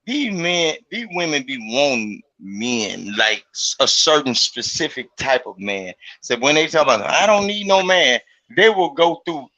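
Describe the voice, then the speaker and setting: A man's voice: medium pitch, big pitch swings, measured pace, hardly any pauses, sharp tone. A man from Mississippi chatting casually, profane and emphatic, repeating himself to hammer a point home. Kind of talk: casual chat. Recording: lo-fi recording.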